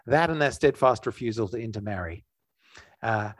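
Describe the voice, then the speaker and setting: A man's voice: on the low side, lively intonation, normal speed, no echo. A man preaching a conversational sermon in an earnest way, often restarting his sentences. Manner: earnest, with frequent restarts and fillers.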